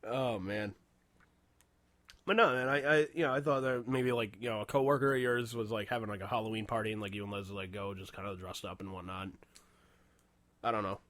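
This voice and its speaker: A man's voice: on the low side, fairly even intonation, a little fast, a bit bright, no room sound. A man co-hosting a podcast in casual chat, loose and profane and laughing often. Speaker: podcast co-host.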